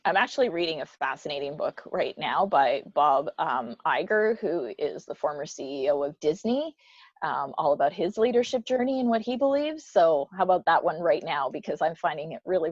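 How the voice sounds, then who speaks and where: A middle-aged woman being interviewed in a casual chat, frank and quick to answer, often laughing. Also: deep voice, slightly rough, no echo, muffled recording. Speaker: interview guest, business leader.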